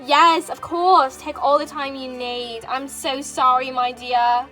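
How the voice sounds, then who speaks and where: A woman voicing a scheming mother who breaks false news in a measured, sympathetic tone in a toy figure drama. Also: high-pitched, steady tone, pushed and bright, soft background music, heavily acted.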